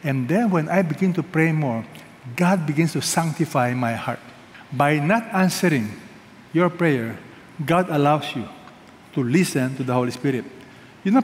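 A man's voice: on the high side, lively intonation, moderate pace. A man preaching a sermon, emphatic and leading the congregation to repeat phrases after him. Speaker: pastor. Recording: reverberant hall with faint noise.

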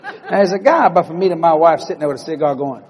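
A middle-aged male preacher telling a story in a sermon in a church, animated and breaking into loud exclamations. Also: a little high, fast, big-room sound, some chatter behind. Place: church building.

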